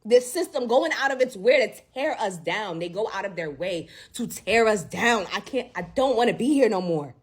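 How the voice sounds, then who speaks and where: A woman's voice: medium pitch, animated, moderate pace, hardly any pauses, husky. A woman content creator in an emotional vlog rant, angry and close to tears, swearing as she talks from the heart.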